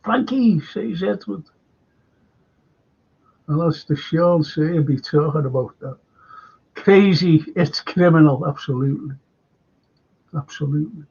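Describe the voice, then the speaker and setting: A man hosting a live football fan show, rambling and indignant, with a gravelly voice on dull lo-fi audio. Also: a little high, unhurried, long pauses, darkish tone. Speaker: football podcast host. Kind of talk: live-streamed fan chat.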